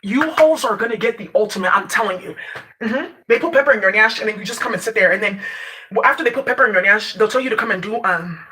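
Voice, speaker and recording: A woman's voice: mid-range voice, fast talker, sharp tone. A woman from Nigeria, ranting casually to her viewers, brash and profane, laughing as she talks. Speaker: vlogger. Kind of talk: casual rant to camera.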